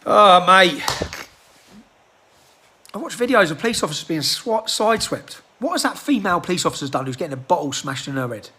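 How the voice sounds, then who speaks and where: A man ranting heatedly into a phone held in his hand, his voice pitched very high. It swings up and down a lot and has a bright, sharp edge. He keeps hammering rhetorical questions and stops to clear his throat. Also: very animated, a little fast. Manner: agitated, fires off repeated rhetorical questions, clears throat often. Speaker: political activist. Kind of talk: impassioned rant to a phone camera. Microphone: handheld phone.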